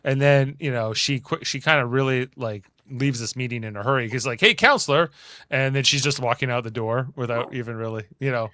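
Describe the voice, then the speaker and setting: A man's voice: medium pitch, fairly even intonation, a little fast, few pauses, a bit bright, dry recording, studio quality. A man hosting a podcast, recapping a TV episode in a chatty, rambling way. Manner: chatty, rambling, many fillers. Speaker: podcast host.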